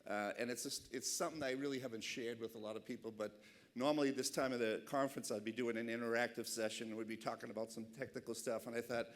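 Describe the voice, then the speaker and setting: A man's voice: mid-range voice, fast. A middle-aged man with a Boston accent giving a passionate, chatty keynote speech at an awards dinner. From Boston, USA. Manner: passionate, animated, chatty with asides. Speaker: keynote speaker. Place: banquet hall.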